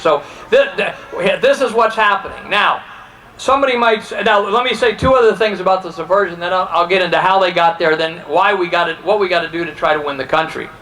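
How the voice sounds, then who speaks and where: Poor audio captures a man from Ohio, USA whose high-pitched voice sounds pushed and bright. Giving a heated political speech full of passion, he performs the quoted exchanges as he goes.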